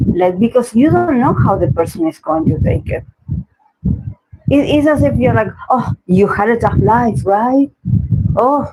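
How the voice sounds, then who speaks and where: A man's voice: high voice, darkish tone, husky, low-quality recording. A man from Argentina with an Argentine Spanish accent, a tarot reader giving rambling, opinionated commentary in a casual livestream chat.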